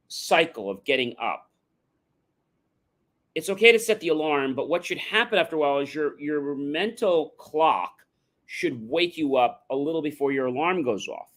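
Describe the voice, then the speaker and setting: A man's voice: fairly high pitch, expressive, a little slow, a bit bright. A man giving a motivational livestream talk, addressing the audience directly and emphatically, sometimes chanting catchphrases. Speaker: motivational speaker.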